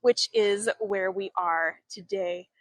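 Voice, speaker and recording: A young woman guiding a live walking tour outdoors, talking into a handheld phone, chatty and halting, with many fillers and restarts. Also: medium pitch, fairly even intonation, no echo. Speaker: travel vlogger and tour guide. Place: outdoors in an old town street.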